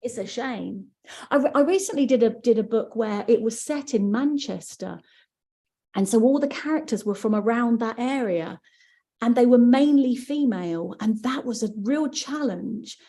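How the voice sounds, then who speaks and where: A woman's voice: on the high side, animated, normal speed, mellow. An English woman, an audiobook narrator, chatting casually and explaining with examples. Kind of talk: casual conversation.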